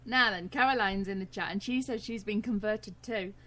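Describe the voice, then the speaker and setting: A woman's voice: medium pitch, normal speed, sharp tone, slight background noise. A woman with a British accent co-hosting a radio show, chatting cheerfully and laughing often. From Britain. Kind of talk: casual radio chat.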